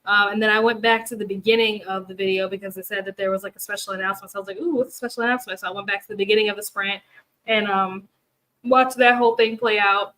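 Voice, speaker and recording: A fast-talking, tired young woman with a mid-range, fairly bright voice and little pitch movement hosts booktube reading sprints. She rambles in casual chat with her livestream viewers, laughing often and using lots of fillers. The recording is of low quality.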